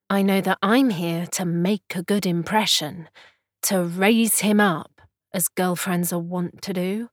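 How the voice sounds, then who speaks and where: A woman reading a poem and a short story aloud in a soft, solemn storytelling manner. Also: fairly low pitch, breathy edge, no echo, clean studio sound. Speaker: reader of poems and stories. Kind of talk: slow literary reading.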